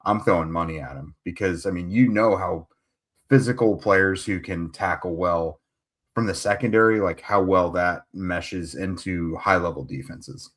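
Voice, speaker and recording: A man co-hosting a sports podcast, giving relaxed analysis in casual chat. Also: sits low, moderate pace. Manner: relaxed, analytical, uses "like" often. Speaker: podcast co-host.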